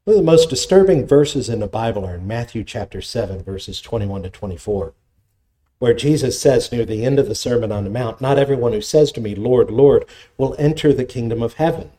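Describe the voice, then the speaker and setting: A man preaching a sermon, with animated delivery and scripture quotations. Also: a little fast. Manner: animated preaching, dramatic pitch swings, reads scripture quotes. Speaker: pastor.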